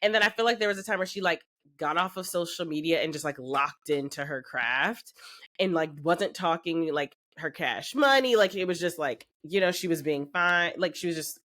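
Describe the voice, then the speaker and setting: A woman co-hosting a podcast, telling a story in an animated way with lots of fillers in casual chat. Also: fairly low pitch, moderate pace. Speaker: podcast co-host.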